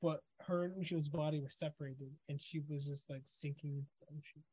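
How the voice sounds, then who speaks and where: A man's voice: a little high, fairly even intonation, a little fast, warm tone, husky. A man co-hosting a podcast, casually recapping an anime episode and acting out the characters' lines as he goes. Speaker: podcast co-host.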